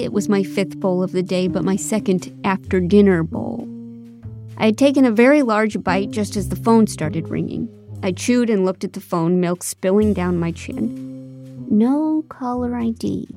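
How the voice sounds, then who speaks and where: Wry woman narrating a comic audiobook. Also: medium pitch. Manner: wry, deadpan, sarcastic. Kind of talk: first-person comic narration.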